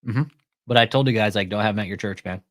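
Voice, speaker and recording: A man's voice: fairly low pitch, quick pace, fairly bright tone, no room sound, clean studio sound. A man hosting a casual commentary show, swearing freely and retelling a phone call by acting out both sides of the dialogue. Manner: profane, retells phone calls with quoted dialogue. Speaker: commentary channel host.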